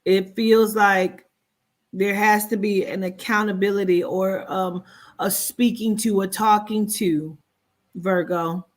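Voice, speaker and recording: A woman reads horoscopes in a loose, chatty way, playful and freely profane as she talks to her viewers. Her voice sits at an ordinary middle pitch for a woman, and she never sounds formal or scripted. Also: steady tone, takes it slowly. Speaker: horoscope reader. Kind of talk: casual astrology reading.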